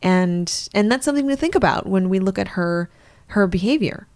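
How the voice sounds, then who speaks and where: A woman's voice: mid-range voice, lively intonation, moderate pace, a little mellow. A woman co-hosting a podcast, explaining psychology in a thoughtful way with some fillers. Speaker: psychologist co-host. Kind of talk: podcast discussion.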